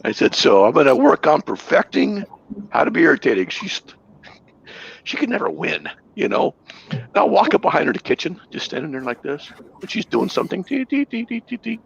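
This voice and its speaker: A man's voice: fairly high pitch, big pitch swings, brisk, gravelly, slightly rough, dull audio. A man hosting a casual livestream, telling playful stories and laughing often. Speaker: ministry host. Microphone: webcam.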